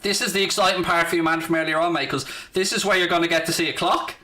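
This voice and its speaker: A man's voice: on the high side, fairly even intonation, fast talker, sharp tone. A man from South Dublin with a Dublin Irish accent, chatting casually and sarcastically as a football watchalong streamer, swearing freely in brash banter. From Ireland (South Dublin). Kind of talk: casual live-stream chat.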